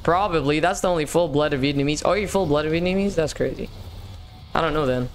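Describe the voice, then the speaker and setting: A man's voice: fairly high pitch, fairly quick, a little hiss or hum. A young man hosting a live gaming stream, chatting casually and upbeat with viewers, slangy and often repeating himself. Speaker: livestream gaming host.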